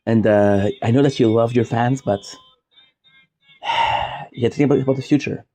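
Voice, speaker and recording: A man's voice: medium pitch, moderate pace, long pauses, warm tone. A man from Quebec, chatting casually and jokingly, drifting off on side tangents as a streamer. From Quebec, Canada. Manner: rambling, jokey, goes off on side tangents. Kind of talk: casual rambling monologue.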